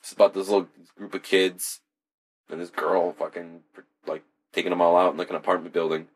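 Low husky man rambling casually. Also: level tone, fairly quick. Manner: rambling and profane. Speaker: podcast co-host. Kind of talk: casual chat.

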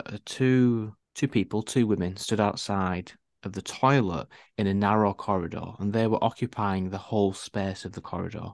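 A man's voice: fairly low pitch, no room sound, studio quality. Wry man telling a story. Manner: wry storytelling, animated emphasis. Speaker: podcast co-host. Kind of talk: casual podcast chat.

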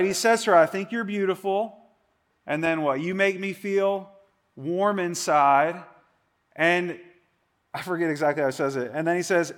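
Brief: male pastor, 40s, chatty sermon delivery, slightly higher-pitched voice, animated asides. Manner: conversational, animated, quick asides.

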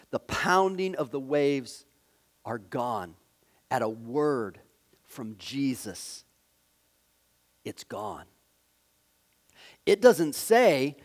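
A man preaching a sermon, halting with fillers and restarts, swinging from loud emphasis down to hushed, quiet phrases. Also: on the high side. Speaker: pastor.

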